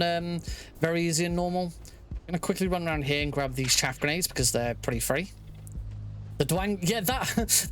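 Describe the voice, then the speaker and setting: A young man talking through his own game speedrun live, chatty and quick to laugh, thinking aloud as he plays. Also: on the high side. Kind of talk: live gameplay commentary.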